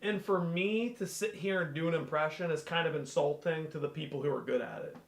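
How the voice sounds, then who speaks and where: A man's voice: on the high side, a little fast, echoey room. A man co-hosting a stream, chatting casually in a blunt, mocking, argumentative way. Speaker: co-host. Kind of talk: casual chat.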